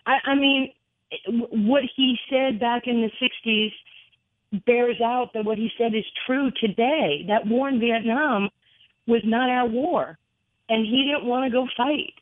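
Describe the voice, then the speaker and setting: Animated woman telling stories down the phone. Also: fairly high pitch, a little slow, no room sound. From New York. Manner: animated, laughing storyteller. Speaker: guest, former basketball player. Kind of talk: storytelling interview over the phone. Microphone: telephone. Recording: tinny phone line, dry.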